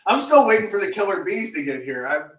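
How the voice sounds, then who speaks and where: A man co-hosting a casual chat, telling animated stories and acting out quotes. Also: high-pitched, fast talker, roomy sound, far from the mic, poor audio. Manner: animated storytelling, acts out quotes. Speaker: co-host.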